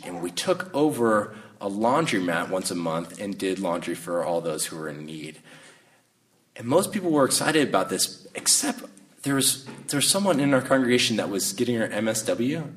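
A man, preaching a sermon in a conversational, reflective way, sometimes pausing and restarting his sentences. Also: lowish voice, a bit bright. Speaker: pastor. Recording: voice a bit distant from the mic.

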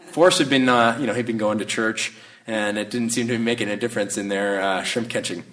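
A man, preaching a sermon in a conversational, reflective way, sometimes pausing and restarting his sentences. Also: lowish voice, steady tone, fairly bright tone. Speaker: pastor. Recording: voice a bit distant from the mic.

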